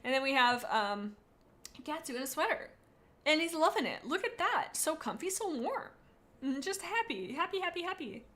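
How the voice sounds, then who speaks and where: A woman's voice: sits high, big pitch swings, moderate pace, bright, forceful tone. A woman chatting on a live stream, rating viewers' cats, reading chat aloud in a bubbly, rambling, playful way.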